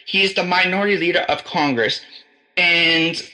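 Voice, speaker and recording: A man's voice: high-pitched, moderate pace, bright, forceful tone, low-quality recording. An American man in casual chat, rambling and profane, with frequent restarts and fillers. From United States.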